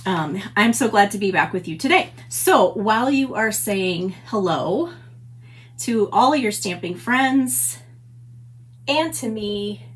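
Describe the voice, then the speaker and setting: A woman's voice: mid-range voice, lively intonation, slow pace. A middle-aged woman hosting a papercraft livestream, chatty and gushing as she greets viewers by name. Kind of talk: casual livestream chat. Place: home stamp room.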